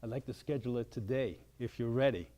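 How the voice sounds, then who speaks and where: An older man giving a motivational wellness talk, animated and acting out shouted outbursts. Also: medium pitch, quick pace, muffled recording. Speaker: wellness speaker.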